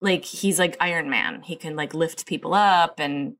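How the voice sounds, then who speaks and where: A woman's voice: low voice, moderate pace, a bit bright. A woman co-hosting a casual chat, rambling and saying "like" constantly. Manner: rambling, heavy use of "like".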